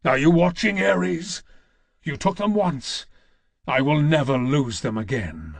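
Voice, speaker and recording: A man's voice: mid-range voice, very animated, takes it slowly, gravelly, fairly bright tone, slightly rough, no room sound, full character voice. A man voicing a grim, vengeful older male warrior in an audiobook, speaking with defiant intensity. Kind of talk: audiobook character voice.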